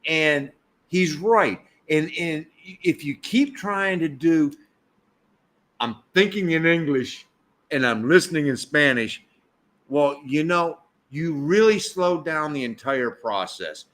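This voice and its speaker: A man's voice: fairly high pitch, lively intonation, takes it slowly, a bit bright. A man from the United States chatting casually on a live stream, reflective, with frequent stammering restarts. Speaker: co-host of a travel live stream.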